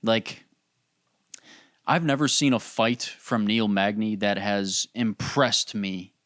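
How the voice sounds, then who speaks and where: A man's voice: fairly low pitch, slow, fairly bright tone, no echo, clean studio sound. A man hosting a podcast, ranting casually in a rambling, profane way full of "dude" and "bro". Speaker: podcast host. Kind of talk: casual solo rant.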